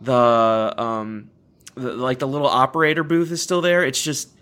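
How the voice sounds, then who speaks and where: A man's voice: mid-range voice, steady tone, normal speed, fairly bright tone, clean tone. Rambling young man hosting a podcast. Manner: rambling, self-correcting, laughs often. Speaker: podcast host. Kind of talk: casual chat.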